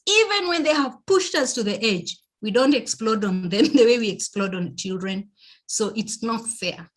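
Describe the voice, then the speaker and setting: A woman's voice: on the high side, fairly bright tone. Emphatic Kenyan woman giving a parenting talk. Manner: emphatic, repeats key phrases, checks in with listeners. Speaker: parenting speaker. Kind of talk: motivational parenting presentation.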